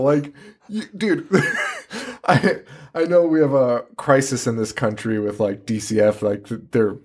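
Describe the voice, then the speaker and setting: A man's voice: mid-range voice, unhurried, breathy edge. A young man co-hosting a horror podcast in casual chat, swearing freely and laughing often as he recaps scenes. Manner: profane, laughing, animated storytelling. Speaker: podcast co-host.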